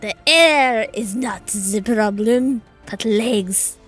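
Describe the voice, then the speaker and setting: A woman playing a haughty, threatening male fish-folk captive in a tabletop game, speaking slowly with a wobbly put-on French accent. The voice sits low for her and drags each threat out. Faint music runs under the table talk. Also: fairly bright tone, husky, full character voice. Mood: haughty menace.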